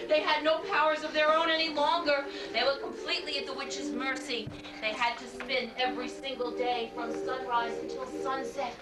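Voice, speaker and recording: A woman leads children through make-believe games and a fairy tale at a birthday party, animated and coaxing. Her voice is high. The sound comes from an old camcorder far from her, in an echoey room with loud music running underneath. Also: normal speed, few pauses. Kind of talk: storytelling and leading children's games. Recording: roomy, distant home-video camcorder sound with loud music.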